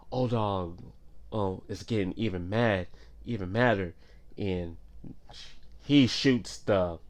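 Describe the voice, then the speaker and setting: Male host for a laid-back film recap; low voice, slow and unhurried, loose and full of fillers. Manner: laid-back retelling, many filler "like"s and restarts. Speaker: movie reviewer. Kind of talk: casual movie recap.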